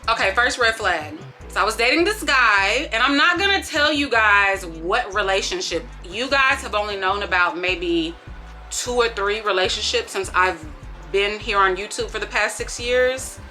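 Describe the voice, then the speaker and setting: A woman, telling dating stories in a sassy, animated way, swinging between hushed disbelief and loud exclamations. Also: medium pitch, moderate pace, faint music behind. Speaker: vlogger. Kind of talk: casual storytime vlog.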